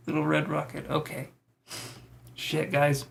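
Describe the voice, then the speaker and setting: Man, slightly high voice, casual live-stream chat, jokey, swears a lot. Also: completely flat delivery, takes it slowly, creaky, a bit bright. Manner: joking, laughing, swearing freely. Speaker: tarot reader and live-stream host.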